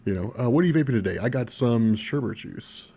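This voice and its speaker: A young man hosting a casual live stream Q&A about comics, chatty and quick to laugh, reading viewer questions aloud. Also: medium pitch, animated, vocal fry, warm tone, slightly rough. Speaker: comics channel host.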